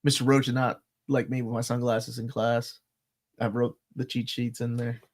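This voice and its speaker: A middle-aged man co-hosts a relaxed live talk, joking around and spinning stories. His pitch sits in a plain middle range, and he talks in an easygoing, animated way. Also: normal speed. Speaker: co-host of a comics channel. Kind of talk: casual live chat.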